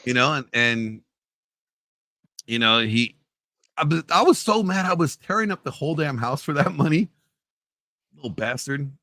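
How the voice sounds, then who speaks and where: A man telling a story in casual chat, loudly acting out the voices in it. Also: mid-range voice, moderate pace, pauses often, dry recording. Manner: animated storyteller, acts out quotes loudly. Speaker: podcast co-host telling a story.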